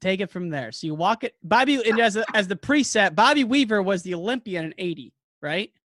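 A man's voice: sits high, animated, brisk, fairly bright tone, dry recording. Dry-sounding man hosting an interview. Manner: conversational, prompting questions with easy laughs. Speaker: host, interviewer. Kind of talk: casual interview.

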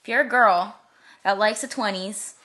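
A woman's voice: medium pitch, normal speed, sharp tone. Twenties woman, casual chat, gushes and rambles nonstop. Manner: gushing, rambling enthusiasm.

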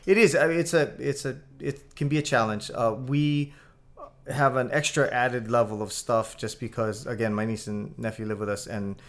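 A man's voice: mid-range voice, fairly even intonation, moderate pace. A man in casual conversation, talking in a reflective, hesitant way with many fillers.

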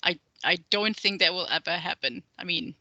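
Very bright, hesitant woman podcaster. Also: on the low side, normal speed, no echo, poor audio. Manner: hesitant, many fillers and restarts, laughs it off. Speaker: podcast co-host. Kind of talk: casual chat.

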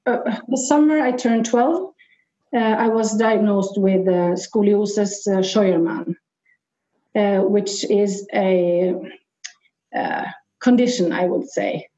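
A woman's voice: medium pitch, takes it slowly, mellow, roomy sound, muffled recording. A woman, a podcast guest telling her story with many hesitant fillers. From Norway. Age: 40s. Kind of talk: casual interview.

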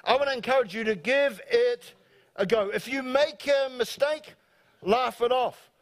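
A man with a New Zealand accent preaching a lively sermon to his church, joking and acting out voices. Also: extremely high pitch, unhurried. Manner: animated, joking, acts out quoted voices. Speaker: pastor. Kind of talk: live sermon. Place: church service before a congregation.

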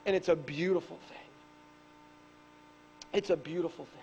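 A man preaching a sermon to a live congregation, swinging between loud emphatic bursts and hushed asides. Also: a little high, steady tone, normal speed, creaky, long pauses, muffled recording, slight background noise. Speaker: pastor. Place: church service with a live congregation.

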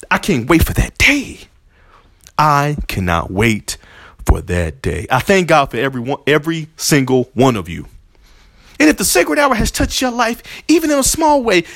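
Guy hosting a faith podcast, high voice jumping all over, real emotional and preachy. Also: a bit bright, no room sound, clean studio sound. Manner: emotional, preacherly, repeats himself. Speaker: podcast host. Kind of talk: heartfelt religious podcast talk.

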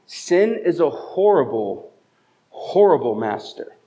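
A man's voice: fairly high pitch, big pitch swings, slow, warm tone. A male pastor giving a conversational sermon at a church service, telling stories and asking rhetorical questions. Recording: dull, muffled lo-fi sound.

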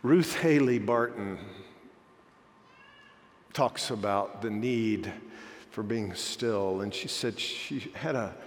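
A man's voice: fairly low pitch, slow pace, long pauses, long reverb tail. A male pastor preaching a sermon in a conversational, self-deprecating manner.

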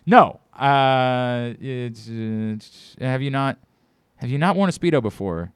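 A man hosting a radio talk show, chatting and joking in a lively, laughing way. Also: medium pitch, slow pace, smooth, no echo. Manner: animated, laughing storyteller. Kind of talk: casual radio banter.

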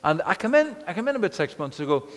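A male preacher delivers a sermon with a slightly raised pitch, his words trailing into the long reverb of a hall. He tells stories in an animated way, stumbling and repeating words as he builds his points. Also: fast. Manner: animated storytelling with frequent restarts and repeated words. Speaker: pastor.

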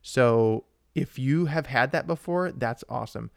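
Excitable man chatting on a podcast. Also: medium pitch, measured pace, creaky, dry recording, studio quality. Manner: rambling and excitable, with frequent restarts and asides to viewers. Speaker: podcast co-host. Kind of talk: casual live-stream chat.

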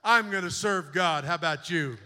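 Fervent high-voiced preaching man. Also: normal speed, slight background noise. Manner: fervent preaching, swinging from quiet storytelling to loud exhortation. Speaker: bishop preaching. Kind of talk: sermon. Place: church sanctuary. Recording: long church reverb.

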